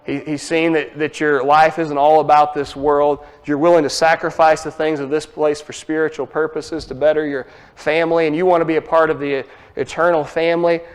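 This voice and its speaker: A man voicing a calm divine messenger who speaks in a low, hushed, reassuring way. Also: fairly quick, clear, resonant tone, lightly acted.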